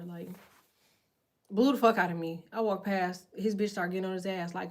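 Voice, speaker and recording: A woman's voice: mid-range voice, steady tone, brisk. Blunt, profane woman chatting on livestream. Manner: profane, rambling, slangy and blunt. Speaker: tarot livestream host. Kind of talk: casual livestream chat with viewers. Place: in bed at home.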